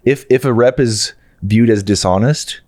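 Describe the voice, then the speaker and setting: A man's voice: mid-range voice, moderate pace, darkish tone, dry recording, studio quality. A man hosting a podcast in a casual, chatty way, full of fillers and acted-out voices. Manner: loose and chatty, heavy on fillers, acts out voices when telling stories. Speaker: podcast host. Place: indoor podcast studio.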